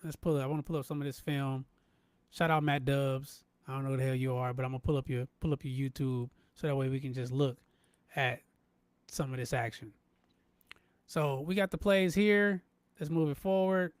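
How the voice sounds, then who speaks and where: A man hosting a live sports podcast, animated and emphatic, repeating himself and talking straight to his chat. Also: medium pitch, moderate pace, clean tone, dry recording. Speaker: podcast host. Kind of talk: live-stream sports talk.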